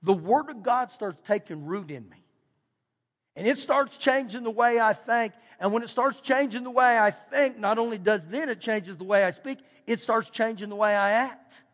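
A middle-aged man with a Texan accent, preaching a folksy, animated storytelling sermon and repeating phrases for emphasis. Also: sits high, normal speed. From Texas. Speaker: pastor. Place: church sanctuary. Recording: long hall reverb.

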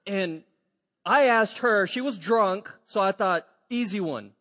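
High-voiced pastor in an echoing hall. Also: male voice, slow. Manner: animated storyteller, acts out dialogue. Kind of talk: storytelling sermon. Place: church sanctuary. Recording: reverberant church hall.

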